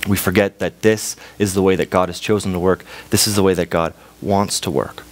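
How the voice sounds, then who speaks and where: Young Canadian man, church sermon, lowish voice, storyteller's delivery. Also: fairly even intonation, brisk. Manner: storytelling, acts out voices in a parable. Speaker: preacher.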